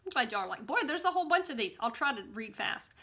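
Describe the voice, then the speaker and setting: A woman's voice: a little high, big pitch swings, quick pace, bright, forceful tone, breathy edge. A woman vlogger, reading viewer comments aloud in a bubbly, gushing way and chatting casually to camera. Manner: bubbly and gushing, gasps and coos.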